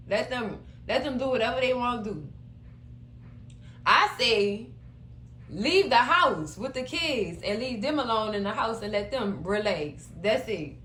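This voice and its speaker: A woman recapping a TV episode in a sassy, animated way, addressing her viewers as cousins. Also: a little high, echoey room, low-quality recording. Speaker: show recap host. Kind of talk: casual recap commentary.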